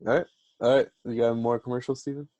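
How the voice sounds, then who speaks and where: A man's voice: medium pitch, steady tone, quick pace, warm tone, no echo. Laid-back young man teasing, dry mic. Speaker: podcast co-host. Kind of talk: casual chat.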